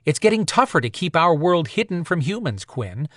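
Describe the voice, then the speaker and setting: A man's voice: on the high side, very animated, normal speed, a bit bright, no room sound, studio quality, pitched above the performer's own voice. A man reading an audiobook voices a determined woman supernatural warrior, blunt and impatient. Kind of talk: audiobook character voice.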